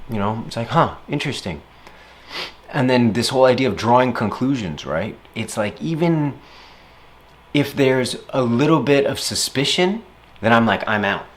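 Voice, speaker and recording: Man, reflective interview monologue, rambling and casual, voice lifts when he quotes himself. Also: medium pitch.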